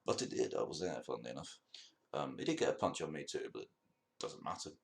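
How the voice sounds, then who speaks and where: A man's voice: very deep voice, wildly swooping pitch, quick pace, vocal fry. A young man hosting his own podcast, telling a long rambling story in a casual monologue, swearing and laughing at his own jokes. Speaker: podcast host.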